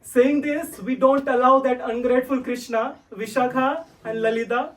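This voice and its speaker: High-voiced man telling a devotional story. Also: steady tone, normal speed, fairly bright tone, recorded from a distance, rough recording. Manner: repeats "right?" to the listeners, sings verses for them to repeat. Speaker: religious teacher.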